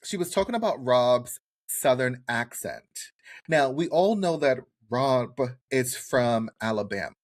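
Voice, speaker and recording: A male podcast co-host talks through a reality show episode in loose, casual chat. His voice sits at a mid pitch, and he is animated and profane, slipping into quick impressions of people.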